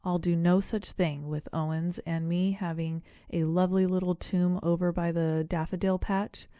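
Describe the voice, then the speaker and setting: A woman voicing a kindly, fussing ghost mother with a warm country voice. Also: on the low side, little pitch movement, moderate pace, clear, resonant tone, no room sound, studio quality, natural voice. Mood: doubtful.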